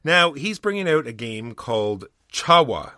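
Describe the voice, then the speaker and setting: A man's voice: mid-range voice, big pitch swings, a little slow, sharp tone, no echo, studio quality. A man co-hosting a podcast, chatting casually about board games in an easygoing, joking way. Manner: easygoing, joking, loose phrasing. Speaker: podcast co-host.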